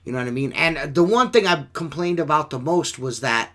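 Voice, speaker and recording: A man with a bright, forceful voice pitched a little high, chatting on a casual podcast. He rambles loosely from one thing to the next, with plenty of swearing and filler. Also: expressive, a little fast. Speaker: podcast host. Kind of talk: casual profane podcast chat.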